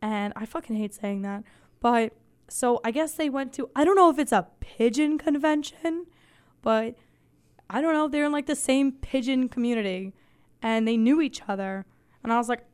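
Woman host losing her voice: soft, smooth and fairly high, rambling casual chat with deadpan swearing. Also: moderate pace. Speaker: podcast host.

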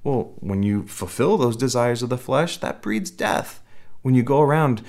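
A man's voice: mid-range voice, moderate pace, a little mellow. A man preaching a sermon in a conversational way, often restarting phrases and acting out little quotes. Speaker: pastor.

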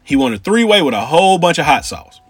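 Animated husky man telling a story. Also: fairly high pitch, fast, dry recording, soft background music. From Cincinnati. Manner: animated, street slang, asides to the audience. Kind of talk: casual storytelling.

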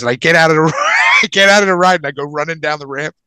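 Young guy racing through a funny story on a podcast, bright sharp voice, dry close sound, acts out the other people, swears a lot. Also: on the high side, fast talker, clean tone, no echo. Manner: animated, swears freely, acts out people in his stories. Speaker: podcast co-host. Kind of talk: casual storytelling chat.

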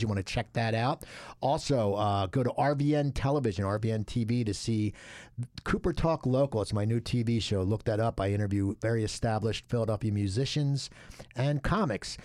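A man hosting a podcast interview, chatty and rambling, his voice jumping up when he gets excited. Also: mid-range voice, no room sound, studio quality. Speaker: podcast host. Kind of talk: casual interview chat.

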